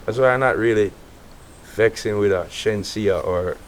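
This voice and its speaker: A middle-aged Jamaican man, an artist as guest, telling stories in a relaxed casual interview. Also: on the low side, moderate pace, slight background noise. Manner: relaxed, animated storytelling with quoted voices.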